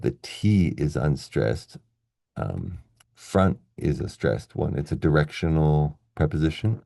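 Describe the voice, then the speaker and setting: A man teaching English pronunciation in an online lesson, slowly stretching out example sentences and chatting in relaxed asides. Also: deep voice, vocal fry, no room sound, clean studio sound. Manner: slow, exaggerated demonstration of stressed syllables.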